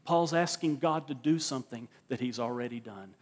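A man's voice: mid-range voice, normal speed. A male pastor preaching a sermon at a church service, emphatic and repeating words as he drives his points home.

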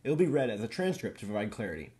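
A young man narrating a police evidence transcript in a deliberate, formal reading. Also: on the low side, sing-song, dark tone. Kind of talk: read-aloud case transcript narration.

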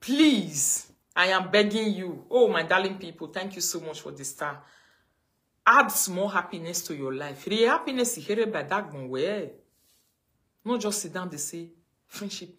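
A Nigerian woman ranting on a livestream, mocking and scolding, her voice swinging between loud outbursts and low mutters. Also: lively intonation, moderate pace. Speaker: livestream host. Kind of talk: casual livestream rant.

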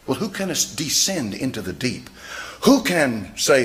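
A man's voice: medium pitch, very animated, measured pace. A man preaching a sermon in a church, firing rhetorical questions at his congregation. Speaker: pastor.

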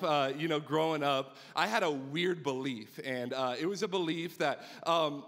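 A young man gives a youth sermon in a high, eager voice. He tells a personal story with rising excitement, often restarting his sentences. His voice carries a long reverb from a large hall. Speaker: youth pastor.

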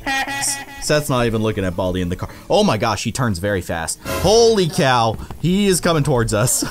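A man in his thirties hosting a let's-play at home, excitably gasping and laughing as he comments on a scary game. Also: medium pitch, normal speed, faint music behind. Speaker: gaming video host. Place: home with his young son nearby.

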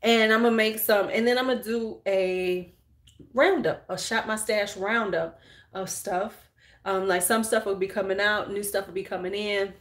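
A woman's voice: mid-range voice, steady tone, normal speed. A middle-aged woman hosting a beauty livestream, chatting casually and frankly while doing her makeup, joking bawdily with viewers.

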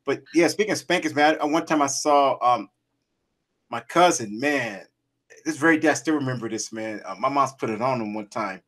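A man telling childhood stories in casual chat, animated and laughing often, swearing freely. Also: mid-range voice, normal speed. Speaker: podcast co-host.

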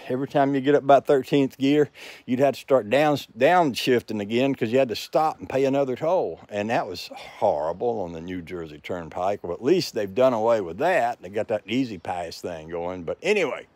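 An older man with a drawl chatters on in a casual, folksy vlog, tired and short of breath. His voice sits at a middling pitch. The sound is dry and close, with little room echo. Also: expressive, moderate pace, darkish tone. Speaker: vlogger. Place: outdoors by his house.

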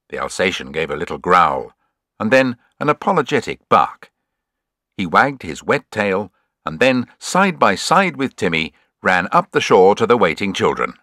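Expressive low-voiced male storyteller. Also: no echo, studio quality. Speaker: narrator. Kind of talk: scripted storybook narration.

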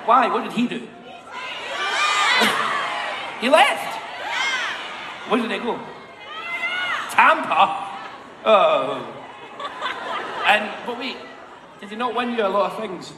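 A man's voice: high voice, very animated, slow pace, long pauses. A man in his twenties bantering with a live audience between songs, cheeky, rambling, self-mocking and swearing freely. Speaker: singer on stage. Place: large indoor concert hall. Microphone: stage microphone. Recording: echoey hall with loud crowd noise.

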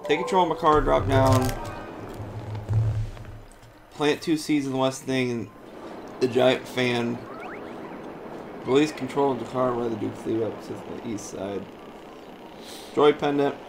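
A man in casual chat beside a gamer, reading walkthrough steps and a movie synopsis aloud, rambling and halting with frequent laughs. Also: medium pitch, gravelly, noisy background. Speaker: let's play co-host.

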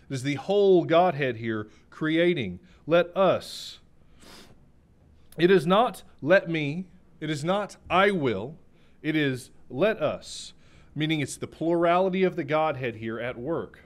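Fairly high-voiced male preacher. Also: animated. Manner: emphatic, repeats key phrases, slows down on main points; clears throat now and then. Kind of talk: sermon.

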